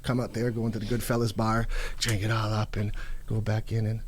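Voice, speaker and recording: A man's voice: lowish voice, monotone, slight background noise. A middle-aged man from Toronto, a musician telling rambling stories as a guest in a casual interview. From Toronto, Canada. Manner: rapid, rambling storytelling with many restarts.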